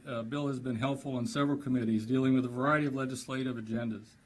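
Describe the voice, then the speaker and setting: A man's voice: medium pitch, fairly even intonation, quick pace, low-quality recording. Man introducing an honoree at a dinner. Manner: warm, praising, lightly humorous. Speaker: presenter. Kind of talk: introduction speech. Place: banquet hall.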